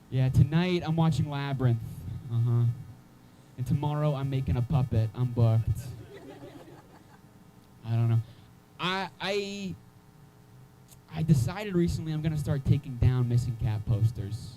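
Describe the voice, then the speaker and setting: Sardonic stand-up comic with a mellow voice. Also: male voice, mid-range voice, expressive, unhurried, faint music behind, poor audio. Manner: sardonic, exasperated rants with crude jokes. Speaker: stand-up comedian. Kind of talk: stand-up set. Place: comedy club stage.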